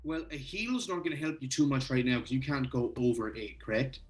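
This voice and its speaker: A man playing a tabletop game, excitable and swearing freely as he describes his moves. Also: medium pitch, a little fast, far from the mic. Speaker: player. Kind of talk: tabletop role-play.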